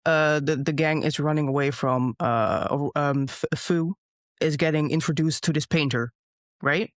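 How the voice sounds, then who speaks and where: A man's voice: a little high, steady tone, measured pace, dry recording, studio quality. A man from the Netherlands, a guest streamer, telling a story in a rambling way with many hesitations over a video call. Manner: rambling, many ums and uhs. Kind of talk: casual video-call chat.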